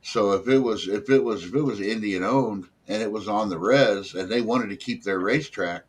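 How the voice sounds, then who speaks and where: A man in casual chat, giving emphatic, animated opinions. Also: lowish voice, moderate pace, slightly rough.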